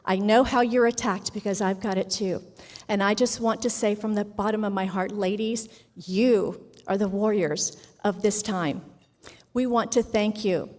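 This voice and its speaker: A woman's voice: medium pitch, steady tone, a little slow, a little mellow. A woman representing a sponsor gives a motivational, faith-filled speech from the stage in an earnest, encouraging manner. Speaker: sponsor representative speaking at a summit. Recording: long reverb of a large ballroom.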